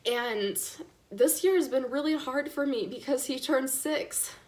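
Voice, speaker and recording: A woman's voice: high-pitched, unhurried. A young woman in her twenties tearfully telling her son's diagnosis story, casual and candid, with many fillers. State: tearful, apologizing for crying. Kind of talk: emotional personal storytelling. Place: live stream.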